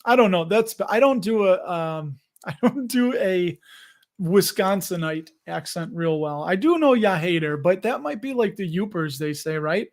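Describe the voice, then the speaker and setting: A man's voice: sits high, expressive, unhurried. A man hosting a casual livestream, reading viewer comments and chatting loosely with frequent laughs. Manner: chatty, laughs often, self-deprecating. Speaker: livestream host reading chat. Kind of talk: casual live chat.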